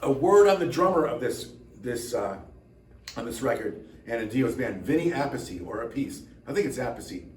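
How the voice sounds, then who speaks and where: A tired man rambles to camera in a relaxed chat, poking fun at himself with dry jokes. His voice sits in the middle range. The mic is set back from him, and the room adds a noticeable echo over a faint background hum. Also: medium pitch, moderate pace, distant mic. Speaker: drummer and channel host.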